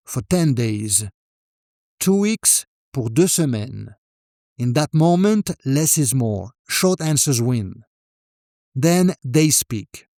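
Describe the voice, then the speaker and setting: A man giving a scripted travel-language lesson in calm, punchy short phrases, as a French teacher. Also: fairly high pitch, dry recording, studio quality.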